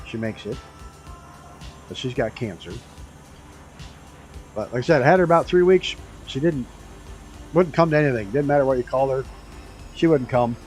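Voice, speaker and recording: A man's voice: medium pitch, darkish tone, low-quality recording. A man streaming a flight game, chatting casually and rambling through stories with the odd swear word. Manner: laid-back rambling storyteller, swears casually.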